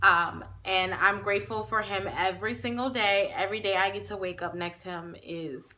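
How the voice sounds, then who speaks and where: A young woman vlogger telling a personal story to camera in a chatty way, often pausing on fillers and close to tears. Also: mid-range voice, fairly even intonation, pushed and bright. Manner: chatty, with many fillers and restarts; emotional, near tears.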